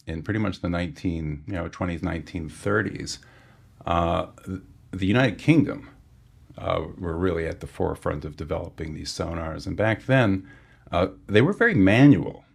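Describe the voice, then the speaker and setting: A man, a sonar engineer guest on a podcast, giving a technical explanation and often pausing with fillers and restarts. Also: low voice, animated, vocal fry, slightly rough.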